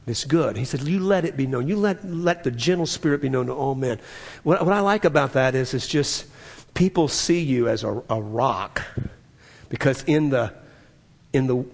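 Man, pastor mid-sermon, husky voice, earnest, swings from whispers to emphatic peaks, church hall reverb. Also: medium pitch.

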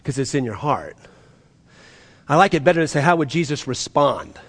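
A man preaching a sermon, animated and acting out the voices he quotes, his voice rising and dropping sharply. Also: fairly high pitch, moderate pace, slightly rough. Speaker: pastor.

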